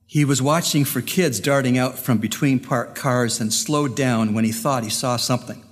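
A male pastor preaches with earnest, deliberate phrasing and pauses, telling a story to make his point. His voice sits at an ordinary mid pitch. It rings through a church sanctuary with a long reverb. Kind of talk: sermon with storytelling.

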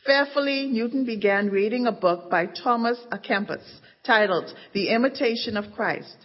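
A woman narrating a story with measured, dramatic emphasis, in a dull recording of an echoing hall. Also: a little high. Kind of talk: scripted narration. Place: church event stage.

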